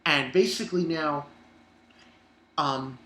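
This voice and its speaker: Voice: mid-range voice, slow pace, fairly bright tone. An anime reviewer recapping an episode in a rambling, casual way, swearing and using lots of fillers. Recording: roomy echo.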